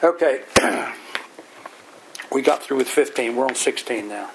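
A man's voice: medium pitch, measured pace, long pauses, a bit bright, a little hiss or hum, rough recording. A man leading an informal Bible study, telling folksy, plain-spoken stories and explaining scripture verse by verse.

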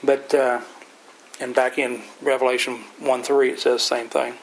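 A man's voice: medium pitch, flat delivery, moderate pace, a little hiss or hum, low-quality recording. A man leading an informal Bible study, telling folksy, plain-spoken stories and explaining scripture verse by verse.

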